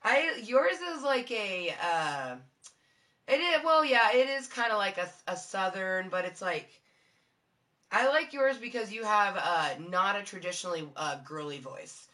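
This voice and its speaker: A woman streamer chatting casually with her viewers, with a low-toned voice, rambling through fillers, swearing and giggling. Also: animated, a little slow, sharp tone. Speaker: live streamer.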